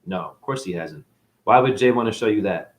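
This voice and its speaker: Man ranting, lively swooping pitch. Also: brisk. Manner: preachy, boastful, sudden loud outbursts. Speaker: self-styled spiritual teacher. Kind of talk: ranting monologue to camera.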